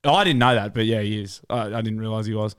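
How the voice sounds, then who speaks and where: A man co-hosting a podcast, telling crude stories in a relaxed way. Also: fairly low pitch, quick pace, clear, resonant tone. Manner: relaxed storytelling, crude jokes, laughing. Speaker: podcast co-host. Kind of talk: casual banter.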